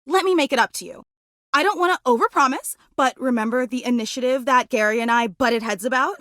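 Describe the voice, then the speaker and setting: A woman's voice: sits high, a little fast, fairly bright tone, no echo, studio quality. An actress playing an emotional, clingy superfan woman who gushes, apologizes and puts herself down, in a video game. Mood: gushing, apologetic. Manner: effusive, self-deprecating, emotional. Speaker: game character.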